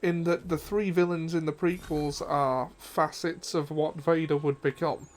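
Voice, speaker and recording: A man's voice: a little high, fairly even intonation, measured pace. A man chatting casually on a gaming stream, laughing easily and swearing offhand. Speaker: streamer co-host.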